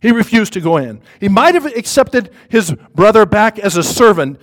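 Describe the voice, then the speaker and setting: Male preacher with a high voice, live sermon, emphatic, builds and drops to a hush. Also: big pitch swings, moderate pace. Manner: emphatic, repetitive, swings from loud to hushed. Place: church before a congregation.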